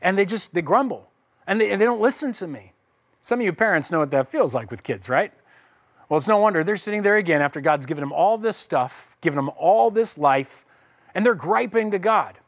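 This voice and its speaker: High-voiced casual preacher. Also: male voice, lively intonation, fairly quick. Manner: casual, acts out voices of people in the story. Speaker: pastor. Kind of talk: conversational sermon.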